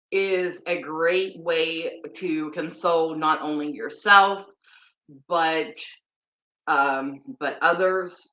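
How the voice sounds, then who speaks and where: Woman guiding a grief meditation, kinda low voice, slow repeated affirmations, dull echoey recording. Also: sharp tone. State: close to tears. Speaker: energy healing guide. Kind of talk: guided tapping meditation livestream.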